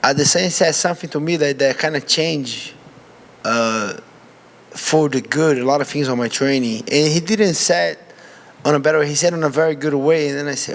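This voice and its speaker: A man's voice: a little high, normal speed. A man from Brazil with a Brazilian Portuguese accent, a fighter answering press questions and acting out his own reactions. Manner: animated, acts out his own reactions in quotes.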